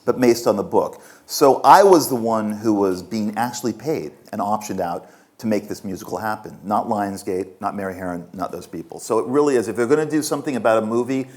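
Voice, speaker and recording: Brief: man in his fifties, low voice, candid self-mocking festival Q&A storyteller. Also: brisk. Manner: frank, self-mocking, laughs while telling stories. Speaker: author answering audience questions. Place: festival stage before an audience.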